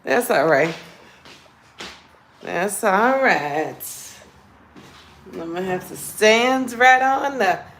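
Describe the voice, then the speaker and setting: A woman's voice: mid-range voice, animated, drawn-out words, pauses often, a bit bright, echoey room, slight background noise. A woman with a New Orleans accent, chatting casually and playfully with viewers on a live stream as a comedian host. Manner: chatty, playful, calls viewers "girl" and "child".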